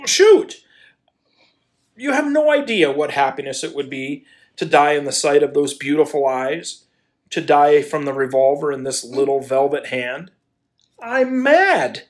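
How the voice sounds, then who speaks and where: An actor in a community audio play playing a hot-tempered landowner who stammers and then bursts into pleading declarations of love. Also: male voice, fairly high pitch, moderate pace, close to an everyday voice. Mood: passionate. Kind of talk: amateur radio play acting.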